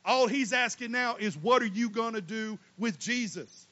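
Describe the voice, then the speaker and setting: A man preaching a sermon as pastor, swinging between loud emphatic lines and quiet asides. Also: very high-pitched, moderate pace, dull audio. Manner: folksy, casual Southern US speech.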